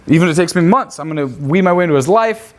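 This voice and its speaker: A man's voice: a little high, lively intonation, quick pace. A man leading a live seminar, brash and profane, firing rhetorical questions at his audience. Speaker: seminar instructor.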